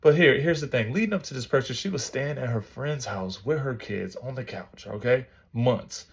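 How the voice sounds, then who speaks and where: A man's voice: medium pitch, animated, moderate pace, husky. A man hosting a podcast, reacting to clips in casual, slangy commentary with laughing asides. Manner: slangy, laughing asides, calls listeners bro.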